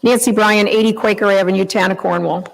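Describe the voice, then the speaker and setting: A woman's voice: mid-range voice, steady tone, fairly quick, creaky. A woman, a local resident, giving indignant and emphatic public comment at a town meeting. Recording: long reverb in a meeting hall.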